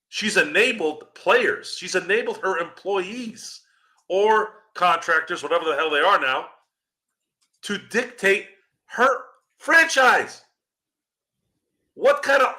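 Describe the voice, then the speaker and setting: Guy on a podcast going off, super bright cutting voice, swearing nonstop, low grumbles then loud blowups. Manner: angry, profane, swings from low growl to loud outbursts. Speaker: podcast host. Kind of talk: profane ranting commentary.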